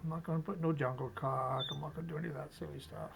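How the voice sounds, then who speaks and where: A man demonstrating fly tying step by step, chatty and relaxed, talking to himself as he works. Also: on the high side, rapid-fire, gravelly, noisy background. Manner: chatty, talks to himself while working, chuckles.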